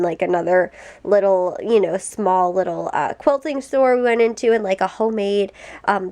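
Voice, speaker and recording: Young woman, casual vlog chat, rambling, lots of fillers, stuffy nose from a cold. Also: medium pitch. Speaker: vlogger.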